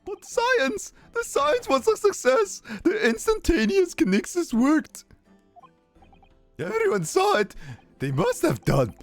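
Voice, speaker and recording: A shrill, overexcited scientist in a squeaky falsetto, his voice leaping wildly up and down. He sounds manic and boastful, reading lines from a courtroom game. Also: wildly swooping pitch, takes it slowly, soft background music, heavily acted. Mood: frantic. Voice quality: squeaky high-pitched put-on voice. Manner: shouting triumphantly, overexcited. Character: excitable eccentric male scientist, shrill and manic. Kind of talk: reading a game's dialogue aloud on a livestream.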